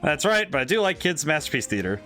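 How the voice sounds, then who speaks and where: A man's voice: fairly high pitch, big pitch swings, fast, bright, forceful tone, faint music behind. A man reading a weary young lawyer. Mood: exasperated. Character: weary young male defense attorney, dry.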